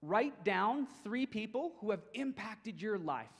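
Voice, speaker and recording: A man giving an energetic, emphatic keynote talk to coaches, often repeating points for stress. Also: sits high, a little slow, gravelly, slightly rough. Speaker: motivational speaker for coaches. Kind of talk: keynote presentation. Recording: long hall reverb.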